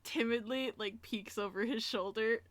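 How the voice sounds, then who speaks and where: A woman casually narrating her character in a role-play, quick and giggly with many fillers. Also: on the high side, fairly even intonation, a bit bright, dry recording. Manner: fast, giggly, lots of "like" fillers. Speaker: tabletop role-play player.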